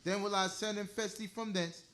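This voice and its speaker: A man reads scripture aloud at a steady, formal pace. His voice sits high for a man. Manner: measured, formal reading. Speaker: scripture reader.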